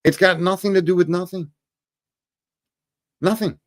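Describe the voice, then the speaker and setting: A man's voice: high voice, steady tone, a little slow. A man hosting a livestream, ranting profanely and scolding his chat commenters in casual commentary. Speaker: livestream host.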